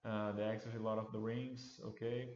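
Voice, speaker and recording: Halting man, low voice. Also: level tone, darkish tone. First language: Portuguese. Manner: halting, many restarts and fillers. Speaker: livestream host. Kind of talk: casual livestream chat. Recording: roomy, dull lo-fi sound.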